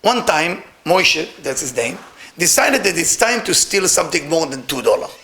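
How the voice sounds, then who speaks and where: A man's voice: on the high side, sing-song, moderate pace, bright, forceful tone. A man teaching a Kabbalah class, telling a story animatedly in broken English. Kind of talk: storytelling lesson.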